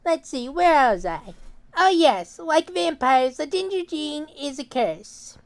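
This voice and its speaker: A man's voice: very high-pitched, lively intonation, takes it slowly, gravelly, full character voice. A man voicing a smug, hateful schoolboy who delivers a class speech in a nasal, sneering, mock-solemn way. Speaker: student speaker. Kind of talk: cartoon voice acting.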